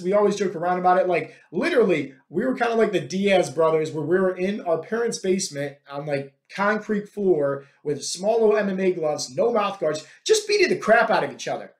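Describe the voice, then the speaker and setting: A man with a fairly high voice tells personal stories in a loose, rambling way, often checking in with "right?". The sound rings with a noticeable echo from the room. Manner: rambling, tags sentences with "right?". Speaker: podcast host. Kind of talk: casual personal storytelling. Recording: echoey room.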